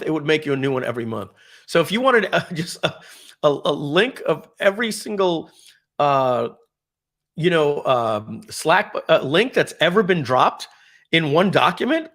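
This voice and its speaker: New york guy running a live demo on a video call, bit of gravel in his voice, chatty, thinks out loud. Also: on the high side, moderate pace. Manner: chatty, thinks aloud, grows excited over tools. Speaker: webinar host.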